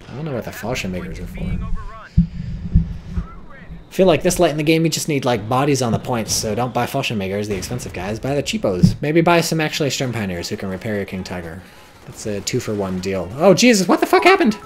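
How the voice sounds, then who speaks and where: An American man casting a strategy game replay in loose, casual play-by-play. His pitch swings widely as he gets excitable, swearing and yelping at the big plays, with a faint hiss of noise behind him. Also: brisk.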